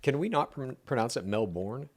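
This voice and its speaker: A man co-hosting a casual recap podcast. His pitch jumps around expressively as he jokes through the episode. The delivery is chatty and quick-witted. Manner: animated, joking, quick asides. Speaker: podcast co-host.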